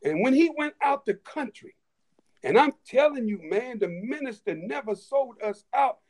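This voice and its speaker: A man telling stories in a casual chat, animated, with many restarts and laughing asides. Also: extremely high pitch, moderate pace. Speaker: guest storyteller.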